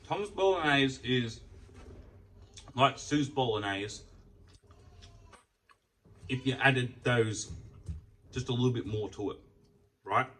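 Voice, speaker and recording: Bright-voiced man eating on camera. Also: mid-range voice, slow pace, pauses often, recorded from a distance, low-quality recording. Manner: rambling, swears freely, talks while eating. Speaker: food vlogger. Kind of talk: casual mealtime chat.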